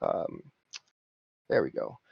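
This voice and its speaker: A man's voice: takes it slowly, no room sound, dull audio. A man narrating a tabletop game as game master, in a rambling, filler-heavy way.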